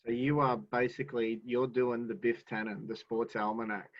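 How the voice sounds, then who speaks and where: A man's voice: mid-range voice, little pitch movement, normal speed, no room sound. A man hosting a casual interview podcast, asking rambling questions with restarts. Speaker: podcast host. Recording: dull, dry lo-fi recording.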